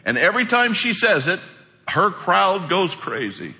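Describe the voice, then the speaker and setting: A man preaching a sermon as pastor, animated, acting out quotes as he preaches. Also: sits high, a little slow. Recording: echoey hall.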